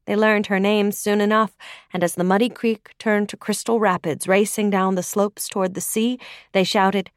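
A woman reading a fantasy novel aloud in measured storytelling narration, dropping to a hush on dark lines. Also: medium pitch, fairly even intonation, no echo, studio quality. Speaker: audiobook narrator. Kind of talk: scripted narration.

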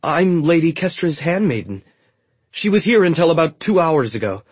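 A young handmaiden talks fast and high to cover a lie, as a man narrator puts her on. Her voice rises loud and strained, with a husky grain. The recording is dry and close. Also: big pitch swings, no room sound. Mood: insistent. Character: young woman, quick-witted handmaiden, bold liar.

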